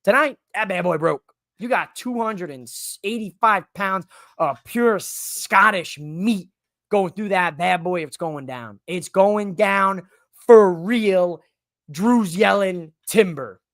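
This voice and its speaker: A man's voice: high-pitched, animated, slow, a bit bright, no echo. A man hosting a solo livestream from his home studio, rambling and joking with hype as he recaps the night's wrestling. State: out of breath. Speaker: wrestling show host. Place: home studio in a living room. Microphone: livestream mic.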